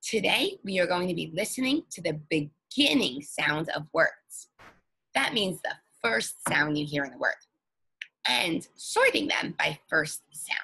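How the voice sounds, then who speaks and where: A woman teacher leading an early-reading lesson for young children, slow and patient, stretching out each sound. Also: fairly low pitch, big pitch swings, vocal fry, sharp tone.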